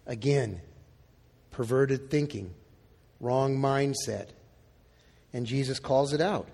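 A man's voice: medium pitch, takes it slowly, creaky, a little mellow, long reverb tail. A male pastor preaching a sermon in a casual, conversational way, acting out the quoted lines. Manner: conversational, acts out quotes in dialogue.

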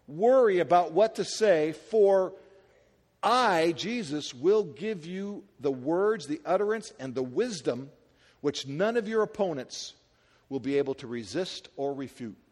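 Long reverb from a large hall trails the voice of a male pastor giving a lively sermon. He speaks high, moving widely between booming moments and soft asides, and peppers the congregation with easygoing rhetorical questions.

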